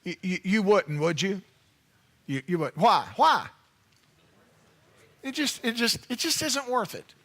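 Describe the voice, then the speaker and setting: A man delivers a sermon in a high, bright voice. He preaches in a loose, conversational way and keeps turning to the congregation with playful asides. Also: animated, measured pace, long pauses. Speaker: pastor.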